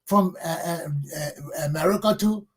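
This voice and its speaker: Hosting a talk show, a middle-aged man with a Liberian accent and a high, husky, somewhat rough voice talks at a moderate pace. His political commentary is blunt and scolding, and he throws insults at his targets.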